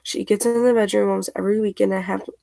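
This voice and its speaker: Young woman ranting with gravelly fry. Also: medium pitch, fairly even intonation, rapid-fire, mellow, no room sound, poor audio. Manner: exasperated ranting, retelling texts. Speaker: vlogger. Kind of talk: casual venting to camera. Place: couch at home.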